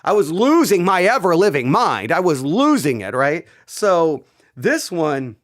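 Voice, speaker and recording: A middle-aged man hosting his own channel, excitedly telling a story in casual talk and often repeating himself. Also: on the high side, measured pace. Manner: animated, repeats himself, breaks into laughter. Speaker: channel host.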